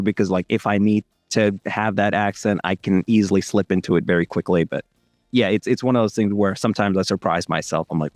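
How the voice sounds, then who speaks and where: A man's voice: on the low side, fairly quick, darkish tone, no echo, studio quality, soft background music. A young man from India with an American accent, a voice actor rambling casually with many fillers in an interview. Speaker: voice actor guest.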